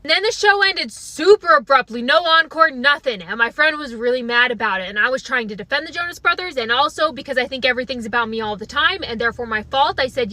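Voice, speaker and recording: Bright, high-voiced young woman joking wryly. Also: expressive, fast talker, hardly any pauses. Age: young adult. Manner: wry, self-deprecating, slips into mocking voices. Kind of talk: comedic storytelling monologue.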